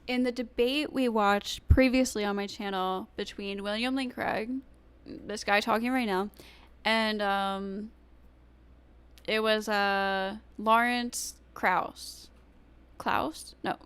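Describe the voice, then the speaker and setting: A woman streaming live, commenting casually on a debate, halting with many ums and restarts. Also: mid-range voice, fairly even intonation, a bit bright, clear, resonant tone, dry recording.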